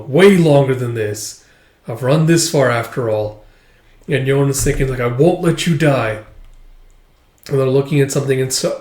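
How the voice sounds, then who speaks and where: Reverberant audio carries a medium-pitched, darkish male voice. He's a manga reviewer giving a casual, meandering recap of a volume, full of filler words.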